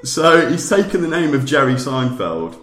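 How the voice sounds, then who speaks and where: A man's voice: mid-range voice, sing-song, a bit bright. Teasing male podcast host, echoey room. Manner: teasing, quick to pose challenges and questions. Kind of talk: casual chat.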